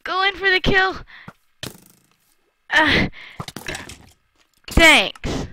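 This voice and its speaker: A woman's voice: very high-pitched, very slow, pushed and bright, a little hiss or hum, poor audio. A woman giving chatty let's-play commentary while gaming, talking to her viewers with frequent exclamations. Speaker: gamer.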